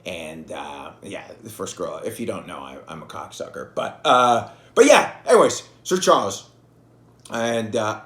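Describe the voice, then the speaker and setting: A man's voice: high voice, a bit bright. A man in his thirties hosting a podcast. He rambles through profane, self-deprecating stories in a casual monologue. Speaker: podcast host. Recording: echoey room.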